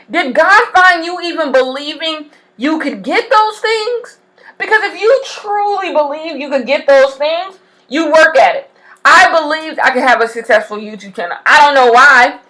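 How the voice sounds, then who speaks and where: A woman's voice: high voice, poor audio. A woman hosting a casual podcast, giving an emphatic pep talk while doing her makeup, repeating points for effect. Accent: loud regional accent. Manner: animated, preachy, emphatic repetition. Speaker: podcast host.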